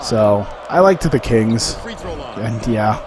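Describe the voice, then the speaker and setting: A man's voice: on the low side, animated, slow, a crowd in the background. A young man streaming a basketball video game, chatting in a rambling, laughing way. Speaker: gaming streamer. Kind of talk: casual gameplay commentary.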